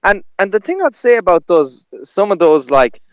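A man's voice: high voice, sing-song, moderate pace, smooth, dry recording, muffled recording. A man, a stand-up comedian chatting casually, rambling through stories with restarts and laughter. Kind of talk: casual conversation.

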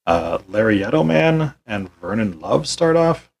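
Male podcast host, lower husky voice, tired deadpan sarcasm, swears freely. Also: a little slow, low-quality recording. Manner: weary, deadpan, swears often. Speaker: podcast host recapping a wrestling show. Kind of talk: sarcastic play-by-play recap.

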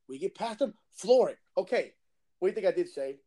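A man telling a story in casual chat, animated and swearing, acting out the voices of the people in it. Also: high-pitched, a little fast. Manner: animated, swearing, acts out voices in his stories.

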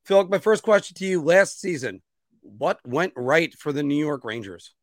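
A man's voice: on the high side, animated, normal speed, no echo, clean studio sound. A man hosting a hockey podcast, chatting casually and plugging merchandise between questions to his co-host. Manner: upbeat, plugs merch and sponsors. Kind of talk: casual sports chat.

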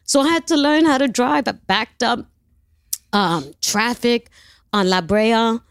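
A woman from New York, a guest telling a long, animated story in an interview and acting out the voices in it, swearing freely. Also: a little high, a little slow, clear, resonant tone, dry recording, studio quality. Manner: lively, acts out voices in her anecdotes, swears freely.

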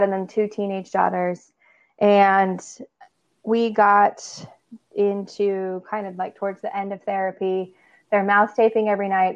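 A woman's voice: medium pitch, dull audio. A woman co-hosting a casual podcast as a therapist, chatty, laughing often and using lots of fillers.

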